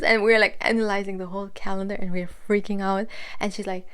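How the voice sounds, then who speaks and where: A young woman vlogger telling a story in casual chat, animated, exclaiming and swearing. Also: mid-range voice, quick pace, clear, resonant tone.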